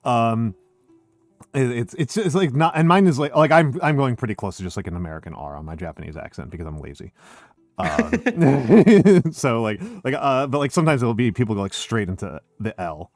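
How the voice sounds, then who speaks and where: A man's voice: medium pitch, sing-song, a little fast, a little mellow, no room sound, faint music behind. A male streamer hosting a casual chat, rambling with many fillers and restarts. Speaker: streamer and host.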